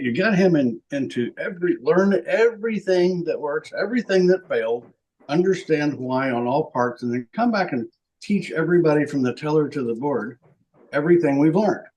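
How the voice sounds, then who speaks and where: A man's voice: mid-range voice, husky, rough recording. A man hosting a podcast interview, easygoing and affirming as he sets up his questions. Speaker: podcast host.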